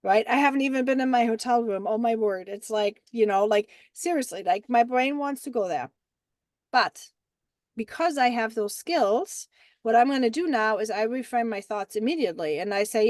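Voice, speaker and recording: A woman with a German accent leading a mentorship group call, talking in a casual, animated coaching style full of "like" and "right?". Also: fairly high pitch, moderate pace, no room sound. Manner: animated and chatty, many fillers like "like" and "right?".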